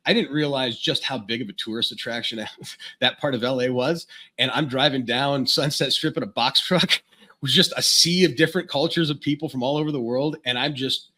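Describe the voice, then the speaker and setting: A man's voice: medium pitch, fairly quick, bright, forceful tone. A man, a podcast guest from Florida, telling a long personal story in a casual, frank, rambling way, often restarting mid-sentence.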